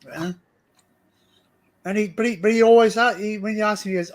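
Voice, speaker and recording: A man's voice: high voice, moderate pace. An Australian man hosting a casual livestream chat, rambling and laughing often, repeating words as he talks. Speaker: livestream host.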